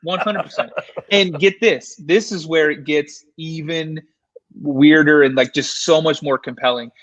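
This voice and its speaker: Excited man telling a ghost story. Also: a little high, unhurried, no room sound, highs cut off. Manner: excited, filler-heavy, animated retelling. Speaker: paranormal investigator guest. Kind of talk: casual storytelling.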